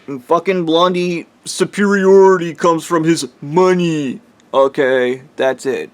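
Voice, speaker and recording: A man's voice: on the high side, steady tone, takes it slowly, smooth, no echo. A man delivering a heated, profane, rambling rant in a solo vlog. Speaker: vlogger. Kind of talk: ranting monologue.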